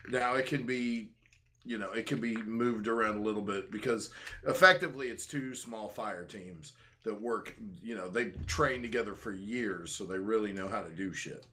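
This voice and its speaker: A man's voice: lowish voice, moderate pace, sharp tone. A young man co-hosting a casual show, laid-back and matter-of-fact, swearing freely. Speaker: show co-host. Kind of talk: casual podcast chat.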